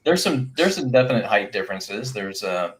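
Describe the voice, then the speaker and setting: Running a tabletop game as game master, a man narrates in a rambling, halting way full of restarts. His voice sits on the low side and swings widely in pitch.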